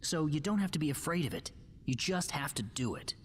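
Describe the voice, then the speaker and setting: An actress voicing a plainspoken young hero in a game who gives steady, matter-of-fact encouragement. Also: female voice, sits low, a little fast. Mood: reassuring. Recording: reverberant game audio with faint noise.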